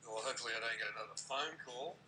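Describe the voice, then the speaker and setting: Casting: Australian-born man as co-host, bright, lively pitch, faint hiss on the line. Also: rapid-fire. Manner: laid-back, brief interjections. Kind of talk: casual live stream chat.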